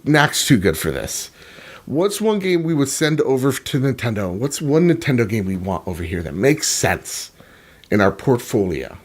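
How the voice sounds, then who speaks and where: A man's voice: mid-range voice, big pitch swings, normal speed. Rambling, profane man telling comic bits. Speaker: podcast co-host. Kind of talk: casual comedic chat.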